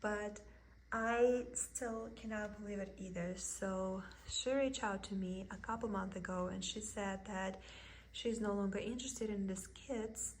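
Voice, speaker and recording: A woman with a thick Russian accent, a vlogger chatting excitedly about her cross stitch haul at home. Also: medium pitch, a little slow, a little hiss or hum. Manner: gushing, excited, with soft giggles. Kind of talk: casual haul video.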